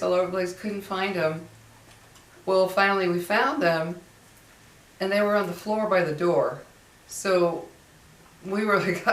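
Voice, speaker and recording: A middle-aged woman telling a personal story in a casual, chatty way, repeating phrases and acting out what others said. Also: lowish voice. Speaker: vlogger. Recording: echoey room, far from mic.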